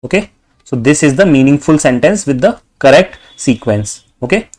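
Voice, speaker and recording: A man with an Indian English accent tutoring exam prep, dictating sample sentences slowly and saying "okay" often. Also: mid-range voice, lively intonation, darkish tone. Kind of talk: tutorial narration over screen.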